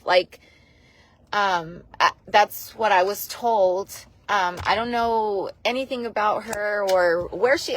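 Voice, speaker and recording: A woman's voice: medium pitch, a bit bright. A woman vlogger telling a personal story to her viewers in a rambling, emotional way, tearful at times, with many restarts.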